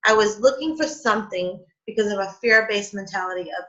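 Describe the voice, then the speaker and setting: Hosting a spiritual coffee chat for a live group, this woman speaks briskly in a pushed, bright mid-range voice. She's emotional and casual, using lots of fillers, laughing and nearly crying. The audio comes through as a dull lo-fi stream.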